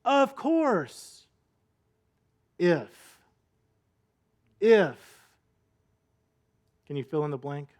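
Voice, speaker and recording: A man's voice: on the high side, big pitch swings, extremely slow, pauses often. A male pastor giving a sermon in a conversational, storytelling way, full of rhetorical questions.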